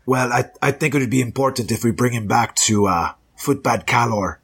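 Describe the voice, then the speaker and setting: A man's voice: mid-range voice, fairly quick, fairly bright tone, breathy edge. A man playing a tabletop game, talking in a plain, matter-of-fact way. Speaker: player. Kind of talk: casual tabletop game chat.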